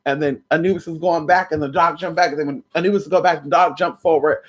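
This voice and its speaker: A woman records a casual vlog at home late at night. Her voice sits a little low for a woman. She talks to her viewers in a sassy, blunt and teasing way. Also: quick pace, hardly any pauses. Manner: sassy, blunt and playful, calls viewers honey and sis. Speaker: vlogger.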